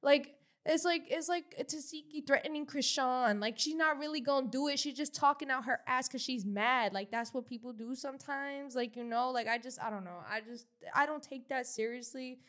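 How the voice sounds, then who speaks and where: A woman co-hosting a casual commentary podcast, talking in an animated, slangy way with many restarts. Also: high-pitched, moderate pace, hardly any pauses. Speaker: podcast co-host.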